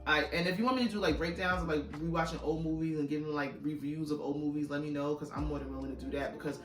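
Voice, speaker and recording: A woman's voice: deep voice, fairly even intonation, quick pace. Woman, casual vlog chat, chatty and profane, echoey room, distant mic, faint background music. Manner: chatty, swears casually, self-described yapper. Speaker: YouTuber reviewing her DVD haul.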